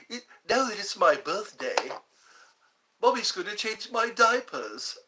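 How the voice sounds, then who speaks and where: A bratty little cartoon baby boy with a mock British accent, as a man puts him on, whining in a high, sing-song voice. The tone is bright and piercing, and the words come out slowly and drawn out. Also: sing-song, full character voice. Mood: gleeful.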